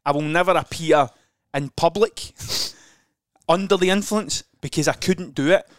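A man co-hosting a podcast, talking candidly in a halting way with many restarts. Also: fairly high pitch, no echo, studio quality. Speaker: podcast co-host. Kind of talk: casual chat.

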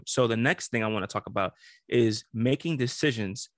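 A man co-hosts a podcast, talking casually and reflectively with some profanity. His voice is medium-pitched and fairly bright at a normal speed, recorded dry with clean studio sound.

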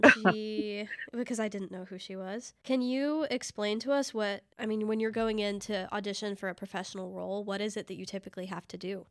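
A woman hosting an interview, upbeat and affirming, asking questions and reacting with quick agreement. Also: mid-range voice, a bit bright, no echo, studio quality. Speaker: podcast host.

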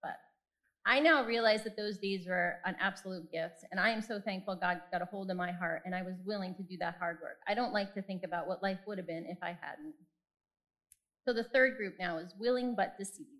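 A woman's voice: mid-range voice, a little fast, a bit bright, rough recording. A woman in her forties giving a personal faith talk, candid and self-deprecating as she tells stories from her own life. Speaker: speaker.

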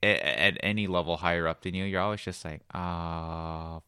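A man's voice: low-pitched, fast talker, pushed and bright, smooth, no echo, studio quality. A man with a Texan accent, co-hosting a podcast and telling a rambling work story with lots of laughs. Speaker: podcast co-host. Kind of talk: casual chat.

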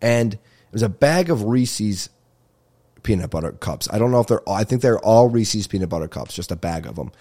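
A man's voice: lowish voice, lively intonation, brisk, dark tone. A male comedian hosting his own podcast, telling rambling stories with swearing and laughter. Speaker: podcast host. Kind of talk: casual comedic monologue.

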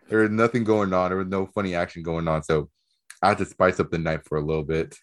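A man's voice: deep voice, fairly even intonation, brisk. A young man in casual chat, telling stories with frequent laughs and casual swearing.

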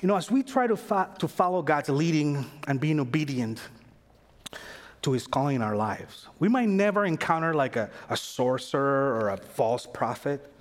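A man preaching a sermon in a casual, animated way, acting out the voices of figures in the story. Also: on the high side. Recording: long hall reverb.

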